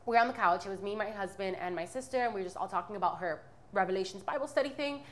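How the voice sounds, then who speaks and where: A woman's voice: mid-range voice, racing, slight background noise. A woman in her twenties giving a candid, rambling personal testimony as a podcast guest. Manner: candid, rambling, many fillers and restarts.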